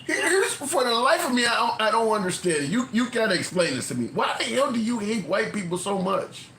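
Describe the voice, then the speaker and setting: A man hosting a political debate and calmly pressing the other person with probing questions. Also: high-pitched, a little fast, gravelly, slight background noise. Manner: calm, probing questions, keeps pressing for evidence. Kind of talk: political debate, playing devil's advocate. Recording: echoey room.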